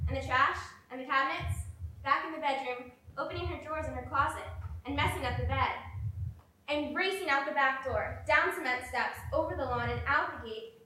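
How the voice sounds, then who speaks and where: Bright high woman on an echoey stage. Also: slight background noise. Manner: narrating her own actions step by step, urgent at times. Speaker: stage actor. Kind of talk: live theater monologue. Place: theater stage. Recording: echoey hall, far from mic.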